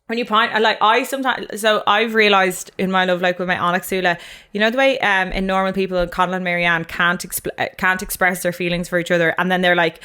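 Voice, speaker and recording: A young woman with an Irish accent co-hosts a relaxed podcast chat. Her voice is smooth and clear, and she talks in a loose, laughing way, dropping Irish words into her sentences. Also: fairly low pitch, brisk. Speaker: podcast co-host. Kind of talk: casual chat.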